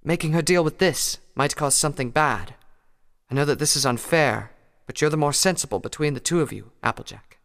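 A man's voice: a little high, fairly quick, creaky, fairly bright tone, voice pushed up. A man voicing a refined, fussy female pony who talks in a genteel, dramatic way, read as a storybook. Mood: anxious. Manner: genteel, prim, dramatic phrasing. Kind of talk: fan fiction audiobook reading. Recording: long hall reverb.

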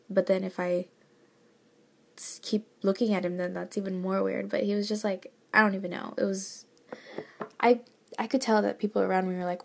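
This young college student talks at a moderate pace in a medium-pitched, level, creaky voice. Her casual chat is rambling and hesitant, frequently whispered, with many fillers and soft laughs. A lingering cold has stuffed up her nose.

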